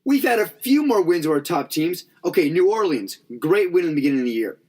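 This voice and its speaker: A man's voice: high voice, big pitch swings, fast, a little mellow. A man co-hosting a sports podcast, arguing his side in an easygoing, teasing way. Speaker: podcast co-host. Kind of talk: casual sports debate.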